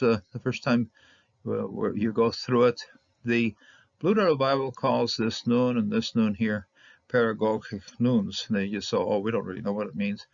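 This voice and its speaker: A man's voice: fairly low pitch, vocal fry, dry recording. A man giving a casual, rambling Bible Hebrew lesson, repeating words and chuckling as he explains. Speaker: Hebrew teacher. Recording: dull lo-fi recording.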